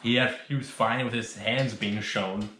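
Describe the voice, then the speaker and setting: A man's voice: fairly low pitch, fairly even intonation, normal speed, bright, forceful tone. A young man casually vlogging at home with friends, rambling, swearing and laughing a lot. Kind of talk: casual vlog chat with friends. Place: indoors at home, bedroom. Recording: echoey room, faint noise.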